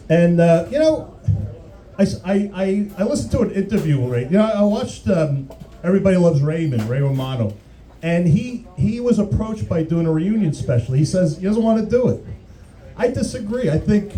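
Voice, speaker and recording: A man's voice: sits high, mellow, low-quality recording. A man doing a crude, rambling stand-up comedy routine, often restarting his sentences. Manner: rambling, crude, self-interrupting.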